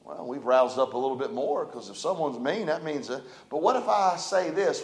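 A male pastor, preaching a folksy, dynamic sermon that swings between loud and soft. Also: a little high, animated, normal speed. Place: church sanctuary. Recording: echoey church room.

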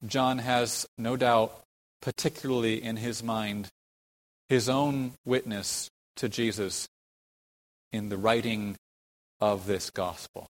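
A man with a low, steady voice preaches an expository sermon, moving at a slow, deliberate pace before stressing key words emphatically and asking rhetorical questions. The low-quality recording has a big-room sound.

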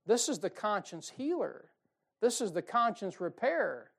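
A man preaching a folksy, emphatic sermon, with sudden loud bursts and mocking quotes. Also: sits high, expressive, moderate pace, gravelly. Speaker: pastor. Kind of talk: fiery sermon.

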